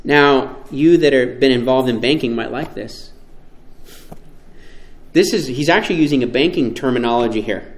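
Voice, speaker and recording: A man preaching a sermon, emphatic and animated, often asking his listeners rhetorical questions. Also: medium pitch, moderate pace, long pauses, reverberant.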